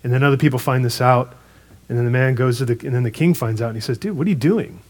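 A man preaching a sermon, retelling a parable in a conversational, animated way with casual asides. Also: mid-range voice, fast. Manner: storytelling, animated retelling with acted quotes.

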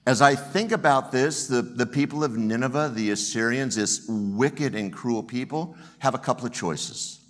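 A man's voice: mid-range voice, normal speed, few pauses. A man preaching a sermon as pastor, earnest and storytelling, often repeating the first word of a phrase.

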